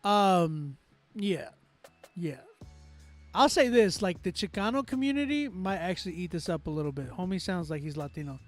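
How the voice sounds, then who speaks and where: A man's voice: high voice, moderate pace. A man from Texas, a music producer hosting a casual livestream, reading chat aloud and giving loose, talkative critique with frequent laughs.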